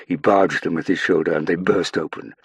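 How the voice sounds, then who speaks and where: Very deep husky male narrator. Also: fairly even intonation, fairly quick, no echo. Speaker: audiobook narrator. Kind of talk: scripted narration.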